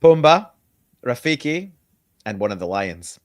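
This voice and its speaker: A man's voice: mid-range voice, big pitch swings, unhurried, dry recording, studio quality. A man co-hosting a casual chat, making wry jokes. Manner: wry and joking. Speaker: co-host.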